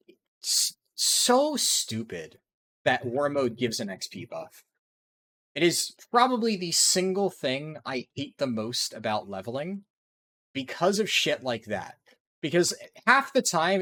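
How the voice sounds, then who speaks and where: A man's voice: a little high, sing-song, unhurried, bright, forceful tone. A man giving ranting, profanity-heavy commentary over his speedrun gameplay. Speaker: speedrunner and video creator.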